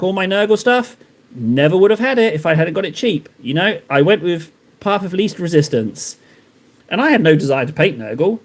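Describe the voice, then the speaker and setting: Male streamer, fairly high voice, rambling and joking with chat as he paints. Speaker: live streamer painting miniatures. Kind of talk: casual live-stream chat while painting.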